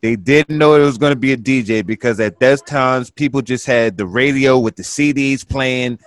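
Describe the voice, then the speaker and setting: A man's voice: mid-range voice, moderate pace, no room sound. A man in his thirties, once a party promoter, reminiscing in casual chat, laid-back and drawn out, saying "listen, man" often.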